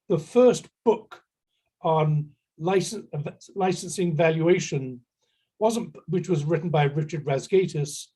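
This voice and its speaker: A man's voice: a little high, dark tone, slightly rough. American man telling a workshop story. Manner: storytelling anecdote with dry humor. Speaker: workshop presenter. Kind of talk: conference workshop talk.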